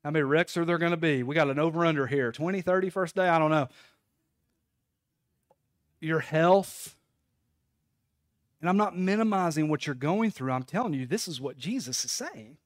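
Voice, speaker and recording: A man's voice: a little high, moderate pace, long pauses. A man, preaching a folksy sermon in church with call-and-response to the congregation. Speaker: pastor. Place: church sanctuary.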